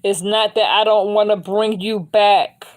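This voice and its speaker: A woman voicing a patient, calm spirit who explains things to a dying man. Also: mid-range voice, a little slow, lightly acted. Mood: firm.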